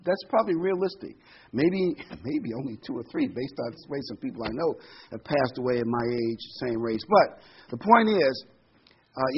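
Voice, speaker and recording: His voice sits high with some breathiness as this man in his sixties teaches the Bible in a relaxed, folksy manner. Frequent ums and digressions mark his talk, and the lo-fi recording sounds muffled.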